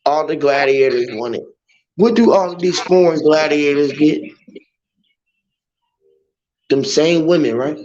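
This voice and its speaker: A man's voice: on the high side, measured pace, long pauses. Rambling man on a lo-fi stream. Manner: rambling, loud, mocking mimicry of greetings. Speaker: livestream host. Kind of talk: casual livestream chat. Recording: muffled lo-fi audio with faint hiss.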